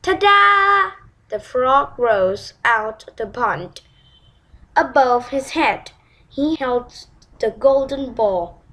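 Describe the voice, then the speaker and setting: Slow, expressive woman storyteller. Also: fairly high pitch, low-quality recording. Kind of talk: storybook read-aloud.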